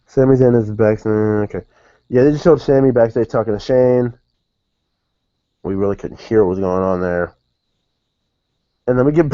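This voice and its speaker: Low-voiced man rambling through a recap. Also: moderate pace, pauses often, warm tone, dry recording, highs cut off. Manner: rambling, self-correcting, says "dude" and "like" a lot. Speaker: wrestling show reviewer. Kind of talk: casual recap commentary.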